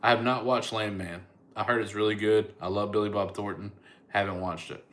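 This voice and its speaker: A man's voice: fairly low pitch, fairly even intonation, brisk, fairly bright tone. A middle-aged man, a comedian chatting casually on a livestream and answering viewers' comments. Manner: laid-back, chatty, thanks viewers by name.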